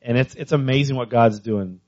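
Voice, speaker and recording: A man giving a missions talk to a church congregation, telling stories with lively energy and often stumbling over repeated words. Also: medium pitch, normal speed, muffled recording. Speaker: visiting missions speaker.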